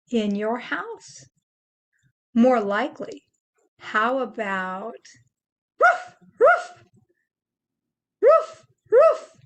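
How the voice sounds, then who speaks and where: An older woman gently teaching children how to make animal sounds, explaining each step patiently. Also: mid-range voice. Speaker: children's presenter.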